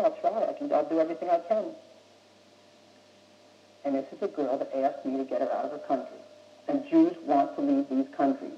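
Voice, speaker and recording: A man's voice: sits high, a little mellow, a little hiss or hum. A young man from the United States giving an impassioned, blunt, streetwise speech to a young audience, pressing his points insistently. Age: young adult. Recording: old muffled recording in an echoey room.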